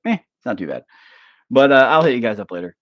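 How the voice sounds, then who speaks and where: A man's voice: medium pitch, big pitch swings, fast talker, fairly bright tone, dry recording, clean studio sound. A man rambling casually in a vlog, swearing often and calling the listener "bro", recorded on a handheld phone at home. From Oklahoma. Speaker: vlogger. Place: at home, kids nearby. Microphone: phone held up.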